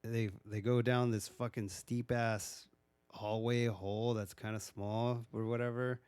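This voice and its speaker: A man's voice: mid-range voice, unhurried, clean tone, dry recording. A man casually recapping a horror movie, swearing freely and acting out the characters' lines as he goes. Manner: profane, animated retelling with acted-out quotes. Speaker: movie reviewer.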